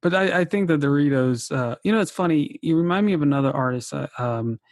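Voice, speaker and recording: Casual interview host, woman, low voice, rambling and friendly, dry recording. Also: lively intonation, fast talker, darkish tone, no room sound. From United States. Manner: chatty, laughs often, many fillers and restarts. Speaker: podcast host.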